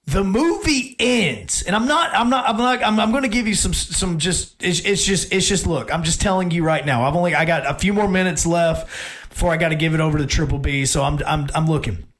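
A man's voice: on the high side, a little fast, fairly bright tone. An adult man hosting a sports talk show, telling a rambling story in a casual monologue with many restarts.

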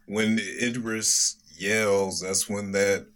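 A man co-hosting a casual TV review chat, unhurried, sharing bits of trivia. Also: lowish voice, flat delivery, a bit bright. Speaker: podcast co-host.

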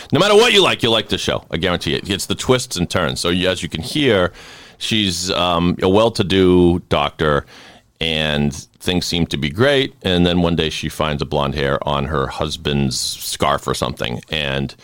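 A man's voice: extremely low pitch, fairly bright tone, clean tone, no room sound. A man from hosting a podcast in a rambling, stammering, jokey way. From Boston. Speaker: podcast host. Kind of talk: casual podcast chat.

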